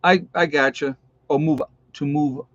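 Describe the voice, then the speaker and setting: A man's voice: a little high, fairly even intonation, a bit bright, no echo, lo-fi sound. Chatty man hosting a livestream. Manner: chatty, lists viewer locations, pauses with uh. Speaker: livestream host. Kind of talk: casual livestream chat reading viewer comments.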